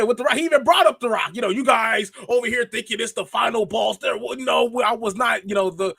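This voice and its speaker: Casting note: male podcast co-host, high voice, dry close sound, animated casual chat. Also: no room sound. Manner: animated, quick laughs and self-interruptions. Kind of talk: casual wrestling reaction chat.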